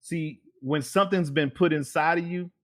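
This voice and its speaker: A man's voice: a little high, moderate pace. A man hosting an interview show, talking casually with lots of fillers and repeated words. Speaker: podcast host.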